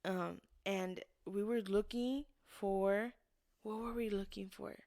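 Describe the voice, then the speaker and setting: A woman's voice: mid-range voice, fairly even intonation, slow, darkish tone, no room sound, studio quality. Woman telling a rambling story on a podcast. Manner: rambling storyteller, acts out quotes. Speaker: podcast co-host. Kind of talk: casual chat.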